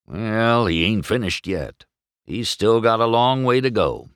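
A man voicing a gruff, stern old male roadster who grunts and mutters in a storybook reading. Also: lowish voice, lively intonation, unhurried, no room sound, studio quality.

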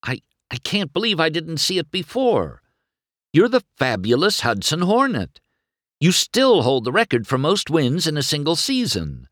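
A man voicing an eager young male race car in a storybook reading, gushing and stammering with excitement. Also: fairly low pitch, unhurried, few pauses, dry recording, studio quality, voice pushed up. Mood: starstruck.

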